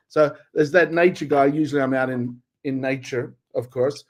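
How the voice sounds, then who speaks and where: A man's voice: medium pitch, fairly even intonation, normal speed, few pauses. A man talking casually as a guest on a live show about his comedy work.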